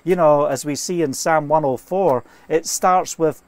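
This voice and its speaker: A man's voice: fairly high pitch, measured pace, a little mellow, no echo. A man preaching an informal sermon, earnest and fervent, telling stories and quoting scripture, speaking from inside a trailer.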